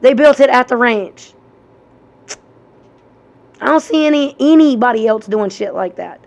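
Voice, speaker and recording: A woman's voice: fairly high pitch, lively intonation, a little slow, vocal fry, a little mellow. A woman giving casual reaction commentary, enthusiastic and casually cursing.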